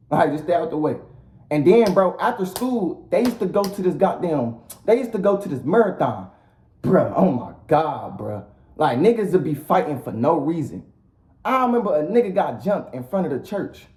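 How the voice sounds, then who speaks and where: Speaking at a moderate pace in a slightly high, sing-song voice with a darkish tone, this male vlogger delivers a casual rant to the camera. His talk is blunt, profane, and full of repetition, captured with a roomy echo.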